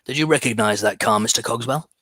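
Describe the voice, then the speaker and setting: A man voicing an elderly aristocratic gentleman. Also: medium pitch, fast talker, dry recording. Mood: composed. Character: elderly male aristocrat, composed and knowing.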